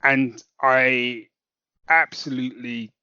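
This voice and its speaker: A man's voice: medium pitch, steady tone, takes it slowly, bright, forceful tone, clear, resonant tone, no echo. Man co-host, easygoing and wry, tangents welcome, dull close recording. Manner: dry, laid-back, rambling. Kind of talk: casual chat.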